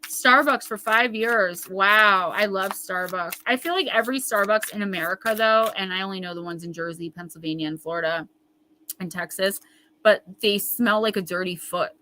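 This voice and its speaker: A woman's voice: medium pitch, moderate pace, sharp tone, slight background noise, rough recording. A woman hosting a live card-reading stream, talking straight to viewers in a chatty, emphatic way and riffing on their comments. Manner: reads viewer comments aloud and riffs on them. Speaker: intuitive tarot reader, host.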